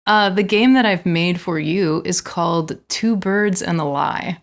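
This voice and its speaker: Giggly Southern US woman hosting a quiz, lowish voice, casual podcast. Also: a little slow. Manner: giggly, playful, reading out quiz options. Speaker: podcast guest running a quiz game.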